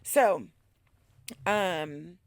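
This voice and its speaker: Woman podcast host, unhurried delivery, profane, emphatic, casual storytelling. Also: on the low side, no echo. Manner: emphatic, swears freely, hypes herself up.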